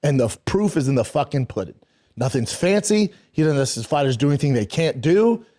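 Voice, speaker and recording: A man's voice: a little high, sing-song, fairly quick, dark tone. A man ranting emphatically on a podcast, swearing heavily as he drives his points home. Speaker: podcast host. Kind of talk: podcast rant.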